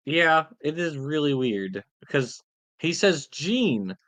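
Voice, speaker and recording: A man co-hosting a casual livestream chat. His pitch moves a lot as he talks, and his animated, incredulous delivery comes through clearly. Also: slow pace. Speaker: co-host.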